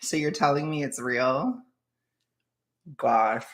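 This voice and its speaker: A jittery, anxious streamer with a mid-range voice talks slowly, chatting casually with viewers during a livestream. The talk rambles, and there's frequent laughter.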